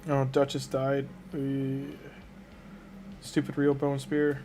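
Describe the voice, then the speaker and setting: A man's voice: mid-range voice, monotone, takes it slowly, mellow, a little hiss or hum. A man giving casual gameplay commentary, muttering and thinking aloud as he reacts to a game. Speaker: gaming streamer.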